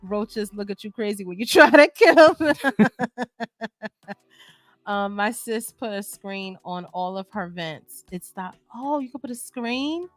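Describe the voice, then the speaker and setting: Woman from new york, livestream co-host, lively chatty delivery, dry close sound, faint music behind. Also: mid-range voice, no room sound. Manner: animated, laughs often, drawn-out emphasis. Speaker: livestream co-host reading chat. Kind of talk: casual chat.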